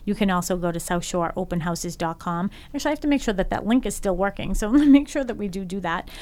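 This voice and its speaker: A woman hosts a casual radio talk show with a smooth, resonant voice. Her delivery is chatty and upbeat. She often pauses on an "um" before going on. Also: medium pitch, lively intonation, darkish tone. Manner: chatty, upbeat, frequent ums.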